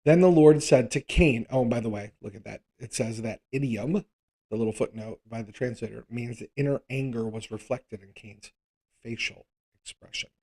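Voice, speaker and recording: Man, Bible study teacher, casual live teaching, thinks out loud, mid-pitched voice. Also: moderate pace. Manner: conversational, thinks aloud, frequent rhetorical "right?".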